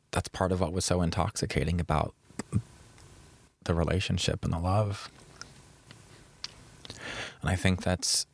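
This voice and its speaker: A man's voice: low voice, gravelly. A man hosting a podcast, telling a personal story in an earnest, reflective way and drawing out key words. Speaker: podcast host.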